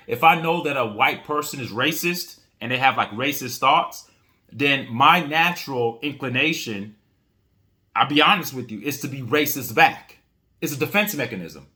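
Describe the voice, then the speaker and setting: A man's voice: mid-range voice, sharp tone. A man hosting a commentary channel, giving his opinion in a casual, outspoken way and answering chat comments.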